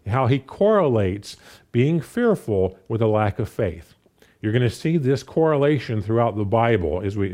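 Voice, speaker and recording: A man preaching a sermon, talking through a scripture passage with lots of fillers and restarts. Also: medium pitch. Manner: animated, many fillers and restarts. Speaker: pastor.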